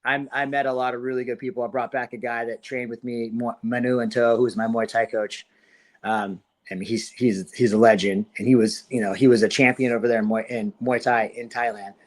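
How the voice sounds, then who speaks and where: A man's voice: medium pitch, little pitch movement, a little fast. Laid-back slangy man in his forties. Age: 40s. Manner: laid-back slangy storyteller, laughs often, acts out quotes. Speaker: guest fighter. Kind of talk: casual storytelling interview.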